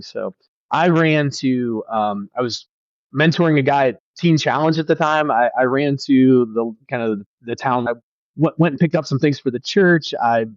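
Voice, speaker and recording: On a dry, dull, somewhat lo-fi recording with no echo, a male pastor speaks as a podcast guest. His medium-pitched voice carries an earnest, reflective personal story, and he keeps restarting his sentences.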